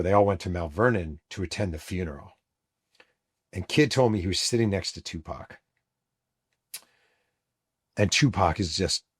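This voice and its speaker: A middle-aged man with a low, slightly husky voice narrates a true story as a show host. He tells it vividly and throws himself into the quoted shouts of the people he describes. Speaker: host and author.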